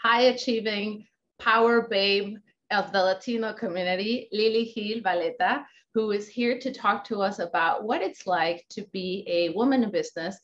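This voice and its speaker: A woman's voice: medium pitch, moderate pace, fairly bright tone, lo-fi sound, slight background noise. A woman hosting a casual interview show, upbeat and chatty, laughing along with her guest. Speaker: podcast host.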